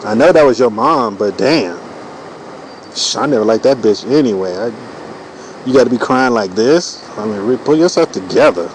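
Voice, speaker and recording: A man's voice: medium pitch, expressive, moderate pace, a little hiss or hum, natural voice, rough recording. A man voicing a scornful woman who mocks her boyfriend for crying, in a snide, dismissive voice.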